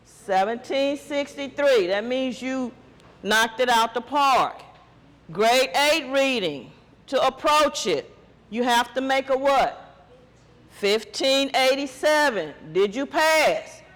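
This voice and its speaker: A man's voice: very high voice, expressive, takes it slowly, fairly bright tone, in a large hall. A man teacher giving a test-prep lesson, quizzing students with call-and-response questions.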